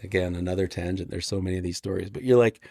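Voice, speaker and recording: A man's voice: deep voice, rapid-fire, vocal fry, darkish tone, dry recording. Male podcast guest, rambling storyteller with restarts and swearing, close dry mic. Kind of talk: casual storytelling.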